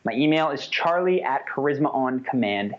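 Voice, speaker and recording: A man's voice: mid-range voice, moderate pace. Upbeat male course instructor. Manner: energetic, conversational, demonstrates voice changes. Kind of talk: casual online course lesson. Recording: slightly dull lo-fi audio.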